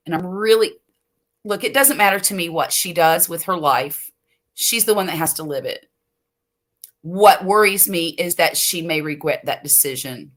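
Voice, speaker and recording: An older woman from the US Gulf Coast hosts a late-night livestream from home, chatting slowly and rambling, laughing easily as she reads viewer comments. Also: medium pitch, lively intonation, fairly bright tone. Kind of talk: casual chat reading viewer comments.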